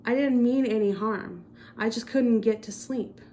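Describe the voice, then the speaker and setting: A woman's voice: on the high side, unhurried, warm tone, slight background noise, natural voice. Woman doing a grumpy storybook bear. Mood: earnest. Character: grumpy, earnest male bear.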